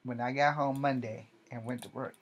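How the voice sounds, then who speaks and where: A man in his forties tells a story from his own life in a loose, unscripted way. He swears freely, restarts his sentences and corrects himself as he goes. His voice sits at an ordinary middle pitch for a man. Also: steady tone, normal speed. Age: 40s. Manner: rambling, profane, often corrects himself. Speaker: army veteran vlogger. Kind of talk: casual personal storytelling.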